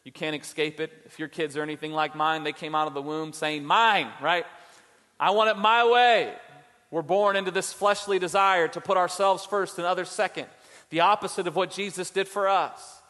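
A male pastor delivering a sermon, impassioned at times and dropping low and soft for emphasis. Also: flat delivery, brisk. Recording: church hall with long reverb.

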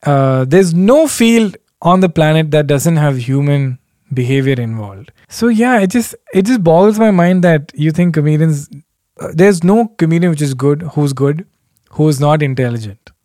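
A man's voice: fairly high pitch, animated, normal speed, dark tone, no echo, clean studio sound. A man hosting a podcast alone, rambling casually with self-deprecating asides and frequent chuckles. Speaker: podcast host. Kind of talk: casual solo podcast chat.

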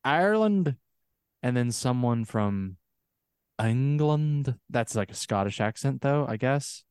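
A man's voice: medium pitch, animated, takes it slowly, darkish tone, clear, resonant tone, no room sound, clean studio sound. A man co-hosting a podcast in casual chat, rambling and trailing off with frequent laughs. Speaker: podcast co-host.

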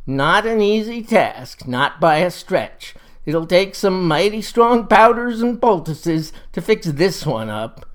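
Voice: mid-range voice, sing-song, slow. A narrator putting on a cranky wizened old backwoods woman. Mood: matter-of-fact. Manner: tart, suspicious, folksy country talk.

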